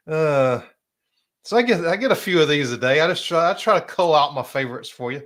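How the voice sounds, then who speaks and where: A middle-aged man with a South Carolina accent hosting a casual live stream, chatty and drawling, often clearing his throat. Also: a little high, animated, normal speed, fairly bright tone. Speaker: host.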